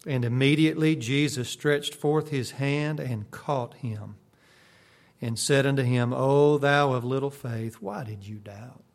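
A man preaching a sermon, swinging from sudden loud bursts to hushed, quiet lines. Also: medium pitch, measured pace.

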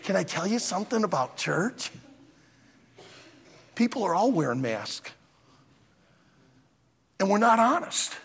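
Animated gravelly man preaching a sermon. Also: high voice, a little slow, pauses often. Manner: animated, emphatic storyteller. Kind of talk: sermon with a told joke. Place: church auditorium. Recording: long reverb of a large auditorium.

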